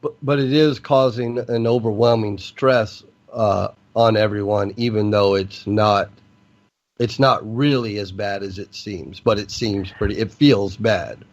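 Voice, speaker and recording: A man with a lowish voice hosts a talk radio show over slightly dull audio. He speaks carefully and hesitantly, stumbling over repeated words as he rephrases his points. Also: fairly even intonation, measured pace. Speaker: radio host.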